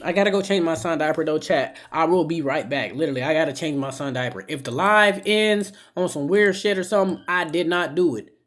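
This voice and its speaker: A man's voice: fairly high pitch, brisk, hardly any pauses, a bit bright. A man streaming live on a phone, reacting to a film with impassioned, profane, preachy talk.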